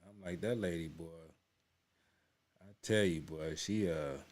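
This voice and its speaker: Chatting loosely to "y'all," a man runs casual commentary on a reaction video, full of restarts and repeated words. His low voice is a little slow and a little mellow.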